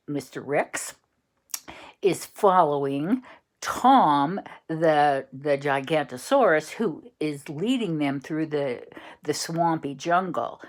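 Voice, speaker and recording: A woman telling an improvised bedtime story, slow and searching for words as she goes. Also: low voice.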